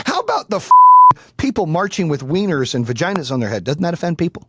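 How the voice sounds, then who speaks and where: An animated man in his forties hosts a podcast, telling blunt, profane stories. His voice sits slightly high and leaps around in pitch. It is a casual studio chat. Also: moderate pace, long pauses, heavy background noise. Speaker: podcast host.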